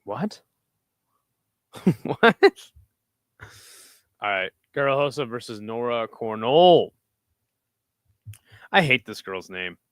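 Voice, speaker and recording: A man hosts a casual livestream, chatting through fight picks and answering his chat in a rambling, profane way. His voice is smooth and clean, and it sits at an everyday middle pitch. The sound is dry and close, with no room around it. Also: big pitch swings, takes it slowly, long pauses, no room sound. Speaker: host reading live chat.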